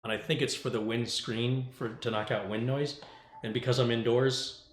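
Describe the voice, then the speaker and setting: A man's voice: medium pitch, fairly even intonation, normal speed, slight background noise. Casual man chatting in an echoey room. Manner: talks to his dog in a sing-song baby voice. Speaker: tech channel host. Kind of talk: casual vlog chat. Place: indoors at home. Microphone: studio microphone on a stand.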